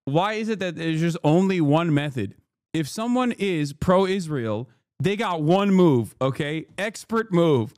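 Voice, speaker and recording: A man's voice: on the high side, lively intonation, darkish tone, dry recording, studio quality. A man streaming and reacting to clips in casual, profane, sarcastic commentary. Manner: profane, sarcastic, quick asides.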